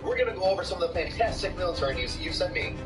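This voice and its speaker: A man's voice: high voice, very fast, far from the mic, rough recording. Fired-up guy roasting memes, cussing a lot, voice jumps all over, music blasting behind. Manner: animated, profane, gets loud and excited. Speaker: military meme commentator. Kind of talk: casual meme commentary with sponsor read.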